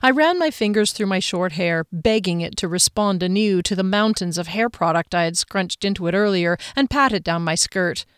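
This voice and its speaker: Female audiobook narrator, measured and even, dry close sound. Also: mid-range voice, clean tone, no echo. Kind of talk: scripted narration.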